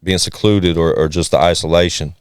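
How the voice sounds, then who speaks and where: A man's voice: low-pitched, steady tone, clear, resonant tone, no echo, studio quality. A man hosting a podcast in casual chat, thinking aloud with lots of "like" and cursing along the way. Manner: reflective, drawn-out, heavy with "like" and cursing. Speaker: podcast host.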